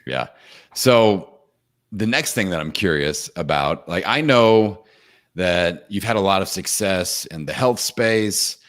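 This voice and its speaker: A man hosting a podcast interview, talking in a relaxed, affirming and conversational way. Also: sits low, slow pace. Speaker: podcast host. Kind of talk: casual interview chat.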